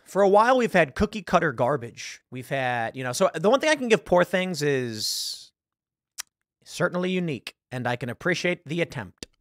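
A man's voice: a little high, very animated, normal speed, no echo, clean studio sound. A man hosting a casual talk show, rambling about films while searching online and acting out lines. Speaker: podcast host. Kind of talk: casual commentary.

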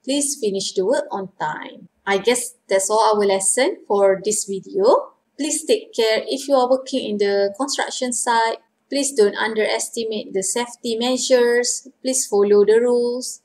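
A woman with a Malaysian English accent, teaching a vocabulary lesson and patiently repeating each phrase slowly for learners. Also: fairly high pitch, a little mellow. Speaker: language teacher.

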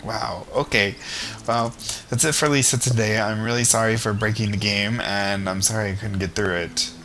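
A man's voice: fairly low pitch, steady tone, normal speed, sharp tone, a little hiss or hum. A man giving casual commentary while playing a game, chatty and self-deprecating, talking to the characters on screen. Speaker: let's play gamer. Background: game music.

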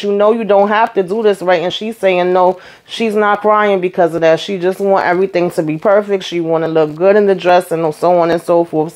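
Sassy woman recapping reality TV. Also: on the low side. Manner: sassy, animated retelling with quoted voices. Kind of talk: casual recap commentary.

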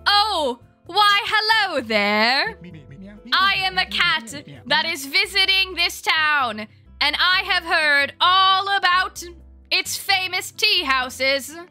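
A woman's voice: very high-pitched, expressive, takes it slowly, sharp tone, soft background music, voice pushed up, full character voice. A woman reading game dialogue aloud, voicing a theatrical, genteel male cat who guides a tea house.

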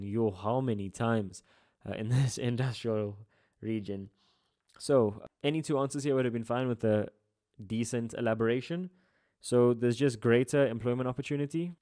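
A man's voice: mid-range voice, mellow. Joking young man with Durban accent. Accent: South African, Durban. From South Africa. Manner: chatty, joking asides, playful slang. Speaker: geography tutor. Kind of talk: casual exam-answer walkthrough lesson.

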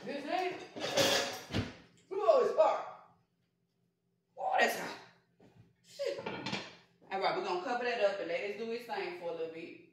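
A woman in a casual home remedy vlog, chatty and folksy, calling viewers baby and y'all, slowing down whenever she reads from her notes. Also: mid-range voice, lively intonation, a little hiss or hum. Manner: slows down when reading from notes. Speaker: holistic healer vlogger. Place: home kitchen and backyard garden.

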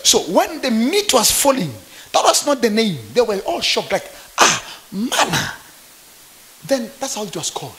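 High-pitched, animated preacher. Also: male voice, moderate pace. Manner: fervent preaching with call-and-response questions. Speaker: pastor. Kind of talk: sermon. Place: church conference.

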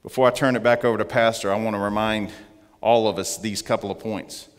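A man giving an earnest testimony as a guest speaker in church, slowing down to stress his points. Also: on the low side, fairly even intonation. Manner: earnest storytelling, slowing for emphasis. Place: church sanctuary. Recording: long church reverb.

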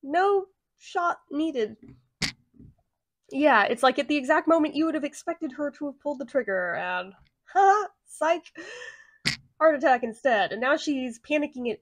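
A woman's voice: sits high, animated, measured pace, a little hiss or hum. A young woman giving a casual, profane movie plot recap, laughing often as she tells the story. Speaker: movie reviewer.

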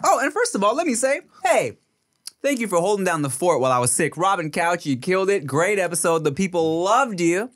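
A man's voice: high-pitched, sing-song, brisk, a bit bright. A man hosting a podcast in casual chat, with laid-back, slangy banter and frequent laughter. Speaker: podcast host.

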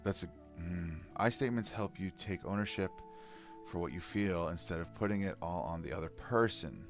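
In a casual self-help vlog, a deep-voiced man reads advice aloud at a moderate pace and then reacts candidly with sighs and laughs. Soft music plays in the background.

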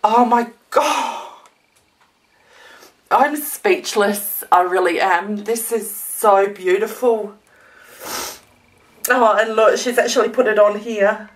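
A woman vlogger opens presents from a gift swap, speaking slowly in a mid-range voice with long pauses. She gushes, gasps, and exclaims often, getting teary and emotional.

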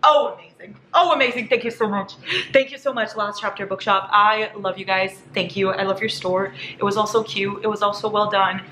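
A woman vlogging a casual haul, gushing and excitable, squealing over each item. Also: mid-range voice, a little fast. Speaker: book vlogger. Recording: echoey room with faint hiss.

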